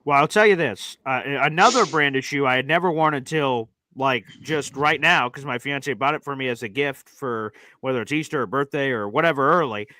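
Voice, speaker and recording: A young man co-hosting a sports show, trading quick, joking banter in casual chat. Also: medium pitch, sharp tone, no echo. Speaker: podcast co-host.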